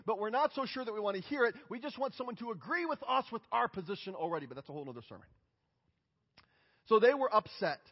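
A male pastor preaching a sermon with a husky voice, telling stories animatedly and acting out the people in them. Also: sits high, in a large hall, muffled recording. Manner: animated storytelling, acts out voices.

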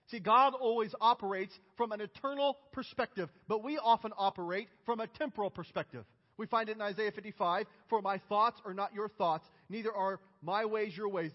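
High-voiced pastor preaching in a hall. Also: male voice. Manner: emphatic, building to loud outcries. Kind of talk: sermon. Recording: dull, reverberant church hall.

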